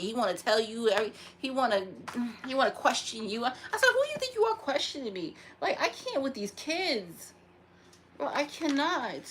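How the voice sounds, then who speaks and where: A woman talks to camera in casual, animated chat. Her voice sits a little high, and she vents with quick laughs and sharp jumps in pitch. Faint noise hums behind her. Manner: animated, laughing, venting, with sudden high exclamations. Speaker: vlogger.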